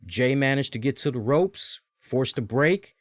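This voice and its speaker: A man hosts his own review show in loose, rambling casual chat, speaking straight to his viewers. His voice sits in an ordinary middle pitch. The sound is dry and close. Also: animated, unhurried, dry recording. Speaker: show host.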